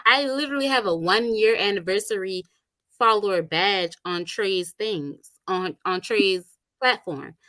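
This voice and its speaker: A woman hosting a casual chat, talking about online drama in a chatty, animated way with lots of slang. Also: fairly high pitch, no room sound. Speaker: host.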